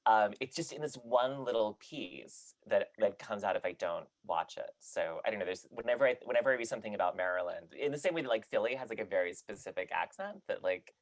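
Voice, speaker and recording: A man with a very low voice, recorded dry and close. He chats loosely with fillers and restarts, then reads a poem aloud at a steady, measured pace. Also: dry recording. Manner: chatty, many fillers and restarts in talk, measured when reading. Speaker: podcast panelist reading a poem aloud. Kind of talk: casual chat and poetry reading.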